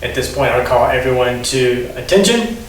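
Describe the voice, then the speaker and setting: A man teaching a karate class, explaining the steps and calling counts that rise sharply in pitch. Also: lively intonation, normal speed, a little hiss or hum. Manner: instructive, calls Japanese counts rising sharply in pitch. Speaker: karate instructor. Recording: very echoey room, distant mic.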